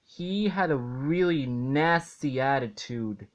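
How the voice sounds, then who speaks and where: Slow, exasperated man ranting. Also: mid-range voice, lively intonation. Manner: exasperated, indignant, halting with restarts. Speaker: video reviewer. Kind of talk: ranting cartoon episode review.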